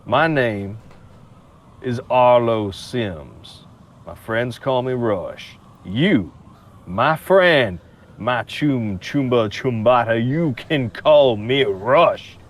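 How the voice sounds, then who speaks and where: A man voicing a chatty, charming male con man with a Southern accent, speaking in a slow, showy, schmoozing way. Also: medium pitch, animated.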